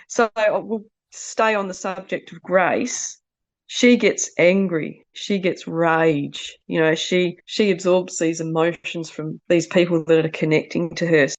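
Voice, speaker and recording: A woman's voice: on the low side, no room sound. A woman in her thirties, a mother on a podcast, telling her family's story in a rambling, earnest way. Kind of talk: casual storytelling. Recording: dull lo-fi dry sound.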